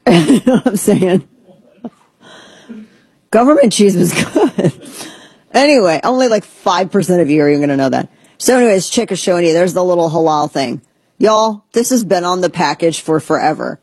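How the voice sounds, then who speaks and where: Husky woman host, sarcastic rant, swoops up into mocking voices, dry close mic. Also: animated, normal speed, pauses often, a little mellow, dry recording. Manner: sarcastic, ranting, mocks others in squeaky voices. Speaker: podcast host. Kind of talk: casual opinionated commentary.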